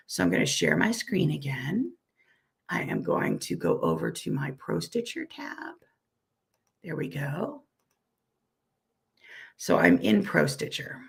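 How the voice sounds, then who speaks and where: A woman with a weak, hoarse voice from a recent illness gives a friendly, self-deprecating live software tutorial and repeats each step slowly. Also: on the low side. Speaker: software instructor.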